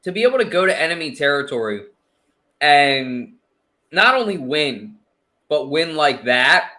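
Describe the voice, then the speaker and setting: A man guests on a casual sports podcast with a fairly high, bright, forceful voice. He tells stories in an animated way and keeps the chat easy and lively. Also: a little slow. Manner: animated storyteller.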